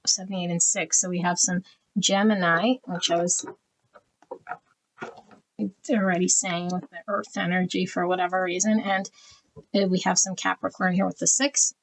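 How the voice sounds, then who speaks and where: A woman giving a pick-a-card tarot reading, talking quietly and evenly and reading card meanings as lists of words. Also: normal speed, pauses often, poor audio. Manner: quiet, even and low-key, trying not to be loud early in the morning. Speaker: tarot reader.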